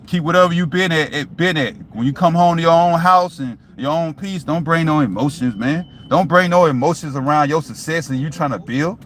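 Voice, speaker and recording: A man's voice: fairly high pitch, brisk, few pauses, fairly bright tone, a little hiss or hum. A man vlogging to his viewers in a loose, profane motivational talk, repeating "you know what I'm saying" often. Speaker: YouTube vlogger.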